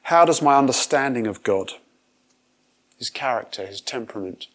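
A man's voice: medium pitch, lively intonation, moderate pace. A man giving a conversational sermon, acting out quoted voices as he retells a parable. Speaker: preacher.

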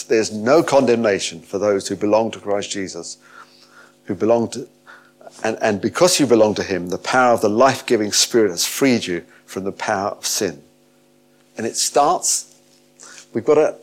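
Emphatic male preacher. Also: fairly low pitch. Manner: emphatic, rising to animated peaks. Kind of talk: sermon.

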